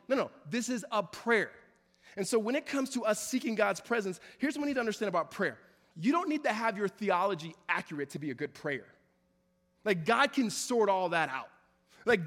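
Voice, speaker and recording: High-voiced preacher in a reverberant hall. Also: male voice, fairly bright tone. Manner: preaches with rising intensity, repeating phrases. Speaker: pastor. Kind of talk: sermon. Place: church sanctuary.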